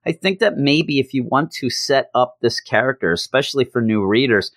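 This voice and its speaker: A man's voice: mid-range voice, expressive, moderate pace, fairly bright tone, dry recording, clean studio sound. A man giving a casual spoken comic book review, blunt and exasperated, with casual swearing.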